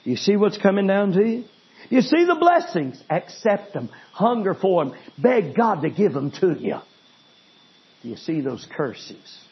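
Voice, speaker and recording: A man preaching a sermon, telling a story dramatically and swinging between loud intensity and hushed pleading. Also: sits high, sing-song, normal speed, husky, muffled recording.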